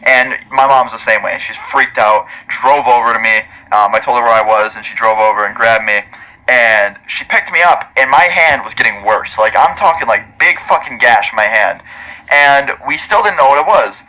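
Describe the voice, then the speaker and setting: A young man with a bright, forward voice tells a story to his viewers. He talks casually and swears a lot, rambling through fillers and side remarks. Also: mid-range voice, moderate pace, rough recording. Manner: profane and chatty, many fillers and asides. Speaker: storytime vlogger.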